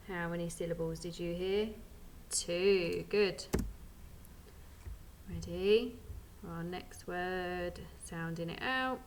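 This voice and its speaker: A young woman leads a children's phonics lesson at a very slow, deliberate pace, sounding out every letter and praising each answer. Her voice sits fairly low for a woman, and a faint hum runs under the recording. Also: fairly even intonation. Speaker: primary school teacher.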